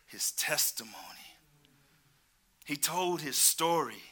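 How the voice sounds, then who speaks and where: Very bright-voiced male preacher. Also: medium pitch, normal speed. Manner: swings between loud exclamations and hushed asides; calls out to the congregation. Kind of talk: sermon.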